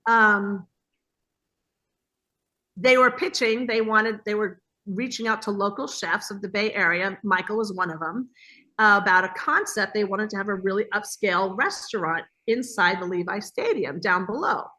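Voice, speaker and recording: A woman's voice: mid-range voice, normal speed. A woman guest telling stories in a casual interview over a video call, acting out the voices she quotes. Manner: lively storyteller who acts out quoted voices. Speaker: guest, hospitality business owner.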